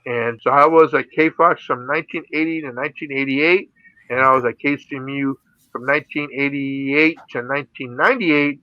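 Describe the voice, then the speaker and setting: A man's voice: mid-range voice, fairly even intonation, moderate pace, dry recording, lo-fi sound. A middle-aged man from the Philippines, an interview guest and radio DJ, telling his stories in a casual way, laughing often and saying "you know" a lot. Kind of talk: casual storytelling.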